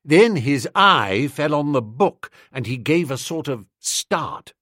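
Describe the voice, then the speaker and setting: Lively male audiobook narrator. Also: a little high, takes it slowly, no room sound, clean studio sound.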